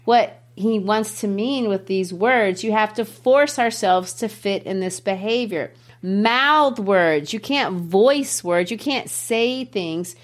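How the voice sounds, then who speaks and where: Animated woman teacher explaining a poem. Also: medium pitch. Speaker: literature teacher and podcast host. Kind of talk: explaining a poem in casual podcast talk.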